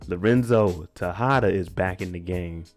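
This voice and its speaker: A man casually recapping a TV episode, animated and acting out characters' lines in raised voices. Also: low-pitched, moderate pace, soft background music. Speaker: TV recap host. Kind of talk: casual show recap commentary.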